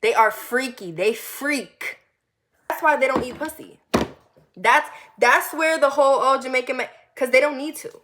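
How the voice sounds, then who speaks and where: A young woman from the US Northeast telling a personal story in a casual, animated way, acting out quotes and dropping to low murmurs. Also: a little slow, slight background noise. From Connecticut. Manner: animated and candid, acts out quoted lines, drops to low murmurs.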